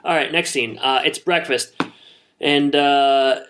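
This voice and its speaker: A man co-hosting a podcast, casually recapping a sitcom episode with plenty of fillers and pauses. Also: a little high, a little hiss or hum. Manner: relaxed, hesitant with many fillers. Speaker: podcast co-host.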